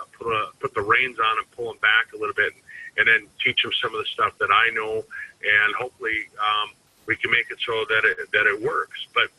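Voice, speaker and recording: A man's voice: medium pitch, bright, forceful tone, slightly rough, poor audio. A man giving an informal sales training talk as a network marketing team trainer, rambling and conversational with frequent restarts.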